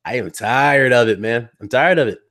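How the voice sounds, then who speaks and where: A man's voice: medium pitch, moderate pace, a bit bright. A male gaming podcast host ranting to his live chat in a heated, blunt and mocking way. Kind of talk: live stream rant to chat.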